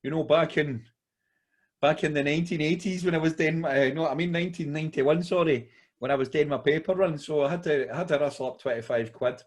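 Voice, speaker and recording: A man's voice: fairly high pitch, brisk. A Scottish man co-hosting a podcast, rambling through a long story in casual chat and calling his friend mate. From Scotland. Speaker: podcast co-host.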